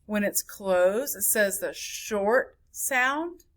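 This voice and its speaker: The phonics lesson continues with a woman whose mid-range voice is expressive. Moving at a slow pace, she claps and sounds out every word by its syllables for the class.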